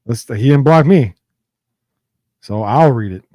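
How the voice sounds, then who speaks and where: A man's voice: mid-range voice, measured pace, warm tone, no echo, muffled recording. A man co-hosting a podcast in casual chat, opinionated and profane on a close studio mic. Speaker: podcast co-host.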